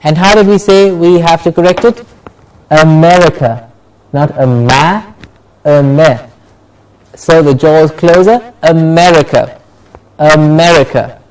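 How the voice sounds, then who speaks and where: A male pronunciation teacher leading a class, modelling words slowly and carefully so students can repeat them. His voice sits a little high and his pace is unhurried and drawn out. He is picked up from a distance, away from the microphone. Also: a little mellow. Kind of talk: classroom lesson. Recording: voice from far off the mic.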